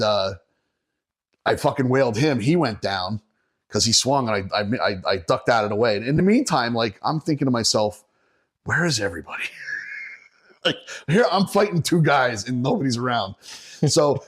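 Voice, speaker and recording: A rowdy story comes from a middle-aged Northeastern Pennsylvania man, a bassist appearing as a podcast guest. His telling is laid-back and profane, punctuated often by laughter.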